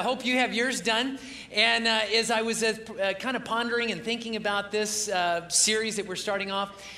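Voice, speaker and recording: A male pastor tells stories in a chatty, humorous sermon, chuckling often and filling pauses with "uh." His voice sits high and sounds bright. The sound is echoey, with a faint hum in the room. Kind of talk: casual storytelling sermon.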